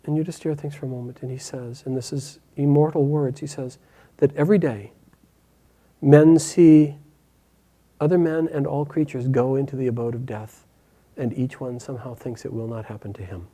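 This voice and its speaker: A man's voice: medium pitch, fairly even intonation, normal speed, mellow. A man casually retelling an epic story in a conversational way, often repeating and restarting phrases.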